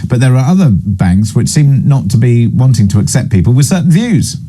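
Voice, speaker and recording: A man's voice: medium pitch, lively intonation, fairly quick, dark tone. A man hosting a breakfast talk show in a chatty, bantering, digressive way. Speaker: radio and TV talk show host.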